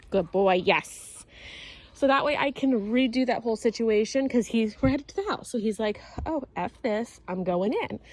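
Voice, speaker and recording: Out in a yard, a woman dog trainer chats casually through a training session. She switches between relaxed explanations and sharp, high commands to her dog.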